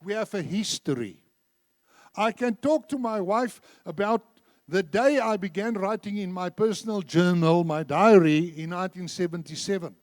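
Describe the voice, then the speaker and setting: High-voiced older man preaching. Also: moderate pace, dry recording, clean studio sound. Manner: animated storyteller, acts out dialogue. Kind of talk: sermon with told anecdotes. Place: church.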